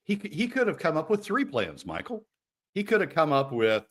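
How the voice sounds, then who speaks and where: A man's voice: mid-range voice, very animated, normal speed, fairly bright tone. A man as a radio guest on policy, fervent and repetitive, his voice jumping up when angered. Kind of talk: political talk radio commentary.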